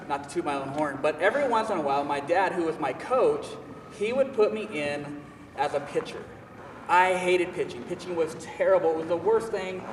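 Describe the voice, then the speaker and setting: A fairly high-voiced young man tells a story in a lively, self-mocking way, leaning hard on his words. He sounds set back from the mic in a large echoey hall, with a faint hum of the room behind him. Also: distant mic. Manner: animated, self-mocking, emphatic. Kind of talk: personal storytelling talk.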